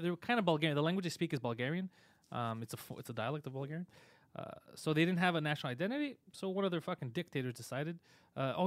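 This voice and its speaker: A man hosting a live show, giving a fast, opinionated rant full of swearing. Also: fairly high pitch, dry recording. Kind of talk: casual live-stream chat.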